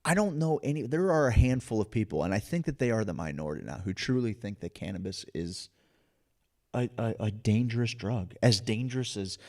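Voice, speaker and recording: Fired-up, low-voiced male podcast host. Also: expressive, fairly quick, a little mellow. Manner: passionate, ranting, emphatic with frequent restarts. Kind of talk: casual podcast chat.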